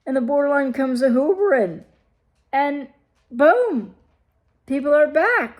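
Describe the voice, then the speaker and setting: A woman's voice: sits high, animated, slow, a little mellow. A woman recovery coach talking straight to her viewers, emphatic and full of rhetorical questions. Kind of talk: direct-to-camera advice talk.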